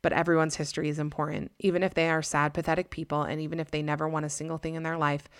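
A woman's voice: low-pitched, level tone, rapid-fire, no echo, studio quality, lightly acted. A woman voicing an earnest, tearful young girl who pleads to be heard.

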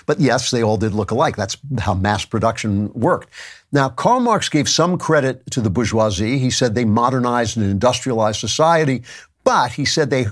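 A man's voice: medium pitch, animated, moderate pace. A man hosting a podcast, talking through a commentary monologue in a conversational way with wry asides. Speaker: podcast host.

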